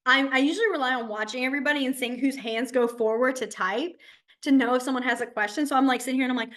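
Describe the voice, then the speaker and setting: Teaching sign language through a video call, this woman talks fast in a high-pitched, somewhat bright voice. Her online instruction is patient, stepping through each sign and frequently asking "okay?"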